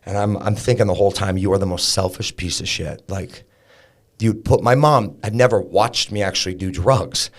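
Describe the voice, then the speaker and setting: Deep-voiced guy on a podcast telling his story, lots of likes and ums, real candid. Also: normal speed. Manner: candid, conversational storytelling with many fillers and restarts. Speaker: podcast guest. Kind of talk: personal story in a podcast interview.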